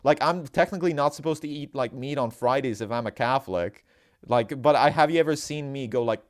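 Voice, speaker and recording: Casual young male podcast co-host, rambling and laid-back, mid-pitched. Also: quick pace.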